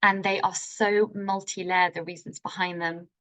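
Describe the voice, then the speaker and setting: A woman's voice: fairly low pitch, little pitch movement, moderate pace, a bit bright. A woman leading a live online healing masterclass, enthusiastic and informal, with playful turns of phrase. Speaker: healing workshop teacher.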